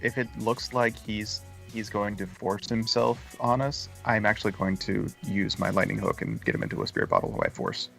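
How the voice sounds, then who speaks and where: Gravelly low-voiced man, hesitant. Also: animated, moderate pace, few pauses, a bit bright, soft background music. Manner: hesitant, thinking aloud with many ums. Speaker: player. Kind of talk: tabletop game play.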